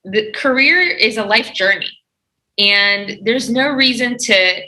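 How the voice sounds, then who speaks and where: A woman's voice: a little high, takes it slowly, pushed and bright, low-quality recording. A woman interviewed as a guest on a podcast, giving earnest, encouraging career advice.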